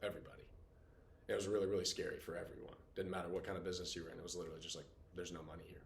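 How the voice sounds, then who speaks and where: A man in his late twenties teaching a class in a casual, animated way, full of fillers. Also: deep voice, rapid-fire, creaky, a little hiss or hum. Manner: animated, chatty, heavy on filler "like". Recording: roomy classroom echo.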